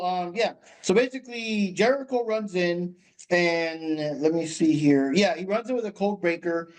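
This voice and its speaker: Young guy with a high voice rambling on a wrestling podcast, lots of "you know" and "like". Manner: rambling, animated, with filler words. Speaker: podcast co-host. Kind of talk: casual chat, recapping wrestling matches.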